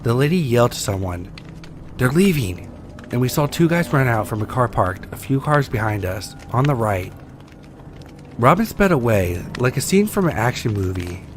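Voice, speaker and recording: Man reading scary stories, lively pitch. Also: a little hiss or hum. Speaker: story reader.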